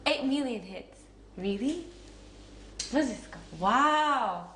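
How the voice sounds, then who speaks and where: A young actress with a Japanese accent, her voice fairly high, bright and expressive, takes her time answering interview questions. She's casual and chatty, full of fillers and giggles. The room is echoey, with faint noise.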